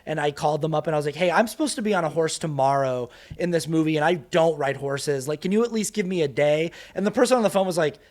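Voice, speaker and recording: A man on a podcast telling a story in a casual, animated way, laughing often and acting out what other people said in a raised voice. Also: fairly high pitch, quick pace, few pauses. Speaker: guest actor and creator.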